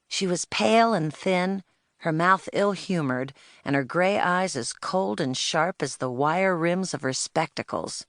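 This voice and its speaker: A woman's voice: deep voice, fairly bright tone, no echo, clean studio sound. A woman narrating a children's audiobook in first person, telling it in the plain-spoken voice of a spirited young girl.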